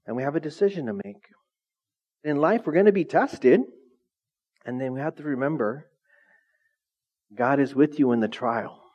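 A middle-aged male pastor preaching a lively, conversational sermon, often asking the congregation questions. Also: medium pitch, normal speed, pauses often. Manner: asks the congregation frequent questions. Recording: dull lo-fi sound.

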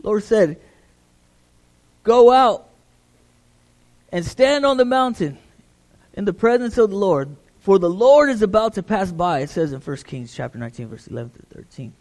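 A man's voice: sits high, very animated, moderate pace, pauses often, darkish tone. A middle-aged man, a pastor, preaching a conversational sermon, repeating words as he builds emphasis.

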